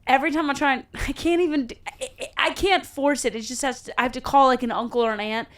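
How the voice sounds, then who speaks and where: A woman's voice: high-pitched, quick pace. Playful comedian woman from Kentucky. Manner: animated storyteller, playful. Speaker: guest comedian. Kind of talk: casual chat.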